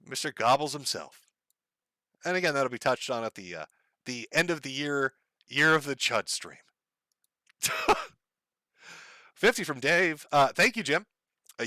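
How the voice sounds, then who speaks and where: In casual live-stream chat, a middle-aged man reads donations, swears freely, and jokes wryly, laughing at his own lines. His voice is on the high side, pushed and bright. It's studio-quality audio with no room sound.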